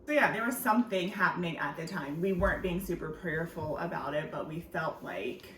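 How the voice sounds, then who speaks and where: A woman's voice: lowish voice, fairly quick, fairly bright tone, a little hiss or hum. A woman chatting casually to her vlog audience, laughing easily and saying "like" and "y'all" often. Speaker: vlogger. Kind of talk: casual family vlog chat. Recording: echoey room from a distance.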